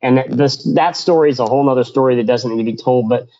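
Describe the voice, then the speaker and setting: A man's voice: mid-range voice, quick pace, warm tone, muffled recording. A man, a business owner, telling stories in a casual radio interview, rambling with many restarts and acting out quotes.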